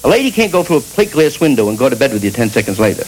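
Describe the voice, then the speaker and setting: A man's voice: medium pitch, big pitch swings, very fast, rough recording. A male stand-up comedian delivering an irreverent, rambling monologue full of restarts and asides.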